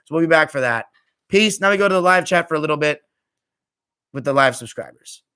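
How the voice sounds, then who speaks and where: Tired young man, bright casual chat. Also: fairly high pitch, animated, fairly quick, clear, resonant tone. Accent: American. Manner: tired, offhand, trails off quietly at phrase ends. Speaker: podcast host reading live chat. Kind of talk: casual live-stream chat.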